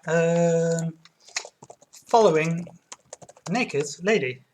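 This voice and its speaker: A woman's voice: on the low side, extremely slow, a little mellow, a little hiss or hum. A woman chatting through a let's play, giggling and reading viewers' messages aloud. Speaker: streamer. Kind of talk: let's play game commentary.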